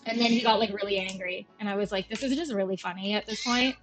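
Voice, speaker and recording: A woman's voice: mid-range voice, steady tone, fast, few pauses, a bit bright, soft background music. A young woman from Canada chatting casually while playing a game, telling a story and acting out every voice in it, full of slang. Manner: chatty storytelling, acts out both sides of the conversation, slangy. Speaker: gaming streamer.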